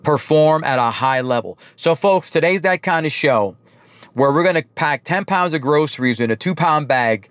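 A man's voice: a little high, a bit bright, dry recording. A man with a New York accent hosting a business talk show, introducing guests in an upbeat, emphatic way.

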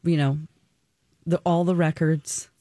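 A woman co-hosting a radio show, chatting casually and running a prank call in a bubbly, expressive way. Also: low voice, unhurried, no room sound, studio quality.

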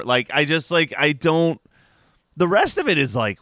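A man with a bright, crisp voice chats on a podcast, recounting a cartoon plot with lively energy. He swears freely and jumps into the characters' lines. The sound is close and dry, with no room around it. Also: on the high side, unhurried, long pauses, dry recording. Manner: animated, swears, acts out characters in quotes. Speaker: podcast co-host. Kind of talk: casual podcast chat.

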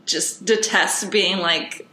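Bright-voiced woman host, echoey room. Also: on the low side, fairly even intonation, slow pace. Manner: chatty, rambling, many fillers. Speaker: podcast host. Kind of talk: casual interview chat.

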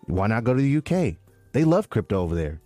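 A man co-hosting a casual podcast, excitable and slangy as he chats. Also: mid-range voice, quick pace, no echo, faint music behind. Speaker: podcast co-host. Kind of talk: casual crypto chat.

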